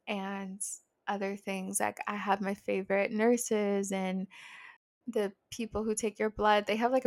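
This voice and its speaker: In her twenties, a woman vlogs a personal story, animated and chatty and leaning heavily on "like." Her voice is mid-range, and the studio recording is clean with no room sound.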